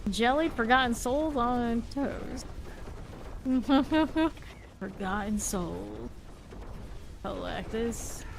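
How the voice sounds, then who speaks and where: A woman's voice: medium pitch, creaky, background noise. A woman streaming a game live, chatting casually and narrating her moves with small laughs. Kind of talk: casual live gameplay commentary.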